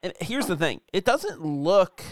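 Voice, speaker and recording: A man's voice: high voice, very animated, unhurried, dry recording. A man co-hosting a podcast in casual chat, cracking dry jokes and laughing often.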